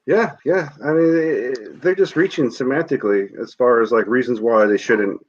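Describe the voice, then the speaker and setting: A man's voice: medium pitch, moderate pace, highs cut off. A man co-hosting a podcast, ranting and swearing freely in casual chat. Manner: heated, swears freely, rants. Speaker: podcast co-host.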